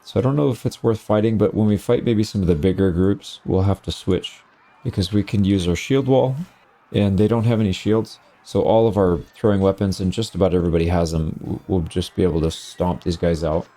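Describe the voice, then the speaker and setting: A man with a low, mellow voice talks through his own gameplay in a laid-back, wry way. He gives casual let's-play commentary and reacts dryly as things go wrong. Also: fairly quick.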